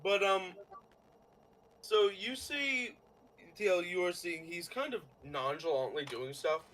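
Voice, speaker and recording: A man narrating as game master of a tabletop game, in a halting way with many fillers and restarts. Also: high-pitched, expressive, fairly bright tone, slight background noise, rough recording.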